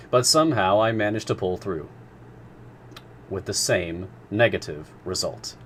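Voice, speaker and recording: Low-voiced man reading a classic novel aloud. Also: slight background noise. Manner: measured, expressive narration. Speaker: storyteller.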